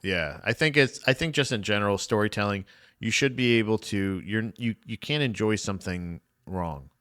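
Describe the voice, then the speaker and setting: A man's voice: on the low side, a bit bright. A man co-hosting a podcast in casual chat, mostly agreeing with his partner and restarting his sentences often. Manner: agreeable, backs up his co-host, halting restarts. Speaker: podcast co-host.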